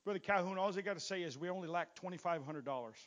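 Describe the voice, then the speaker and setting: A pastor shares his testimony from the pulpit to his congregation, speaking quickly in a high-pitched voice. His folksy, storytelling delivery sometimes stumbles into repeated words as he gives this sermon testimony.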